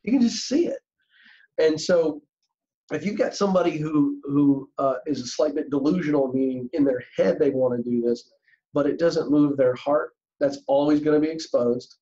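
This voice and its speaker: Earnest man, mellow muffled voice. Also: fairly high pitch, moderate pace. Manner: earnest, emphatic storytelling. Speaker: career coach guest. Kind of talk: podcast interview.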